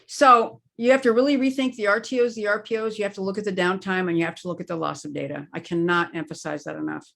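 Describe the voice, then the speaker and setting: A woman's voice: mid-range voice, fairly even intonation, fast, creaky, few pauses, fairly bright tone. A woman speaking as an expert interview guest, explaining her points in an emphatic conversational way and leaning on key words. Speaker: guest expert on crisis planning.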